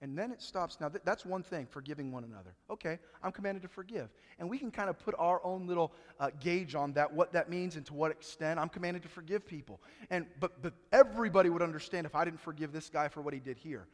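High-voiced male pastor preaching in a hall. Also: fast, few pauses. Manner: preaching with rising emphasis and dramatic hushed drops. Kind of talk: sermon. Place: church sanctuary. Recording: long reverb of a church hall.

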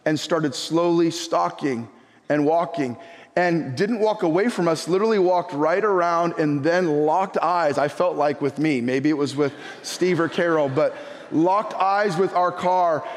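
A middle-aged man preaching a sermon and telling a personal story in an animated way, often repeating his words. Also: high voice, big-room sound. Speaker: pastor. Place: church sanctuary.

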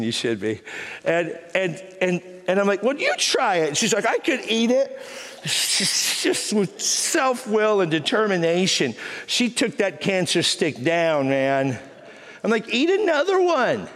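A middle-aged man from Texas, preaching a humorous sermon and telling stories with teasing energy. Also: high voice. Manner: animated, teasing storyteller acting out quoted voices. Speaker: pastor. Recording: reverberant hall.

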